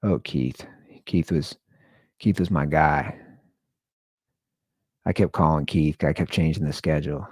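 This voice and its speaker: A man's voice: extremely low pitch, measured pace, long pauses, darkish tone, husky, no room sound. A man hosting his own show, talking in a somber, rambling, conversational monologue. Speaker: podcast host. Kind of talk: casual solo monologue.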